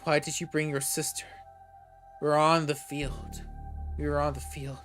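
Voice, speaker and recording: A man's voice: a little high, flat delivery, a little slow, a bit bright, faint music behind. A man voicing an exasperated older Midwestern man with a Midwestern accent, speaking in a grumbling, weary way.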